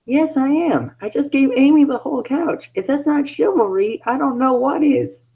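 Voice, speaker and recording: A man's voice: extremely high pitch, moderate pace, creaky, dark tone, muffled recording, voice pushed up. A man voicing a cocky young male hedgehog hero in a smug, teasing way while reading fan fiction aloud.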